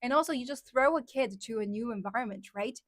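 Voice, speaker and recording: A woman's voice: fairly high pitch, quick pace, no room sound, studio quality. A woman whose first language is Chinese, hosting a casual livestream and chatting with viewers, with lots of "like" and "um" fillers. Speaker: livestream host.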